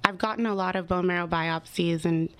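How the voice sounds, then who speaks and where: A woman's voice: lowish voice, steady tone, brisk, smooth, no echo. A woman in her twenties, a guest on a radio talk show, answering hesitantly with many fillers. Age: 20s. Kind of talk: radio interview.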